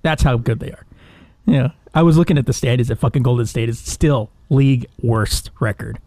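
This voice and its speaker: A man's voice: mid-range voice, moderate pace, mellow, dry recording. A man co-hosting a podcast, chatting loosely, often laughing and acting out quoted lines. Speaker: podcast co-host. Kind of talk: casual chat.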